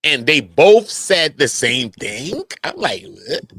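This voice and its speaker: A man giving casual online commentary, animated and slangy, often breaking into mocking impressions. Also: fairly high pitch, takes it slowly, no echo.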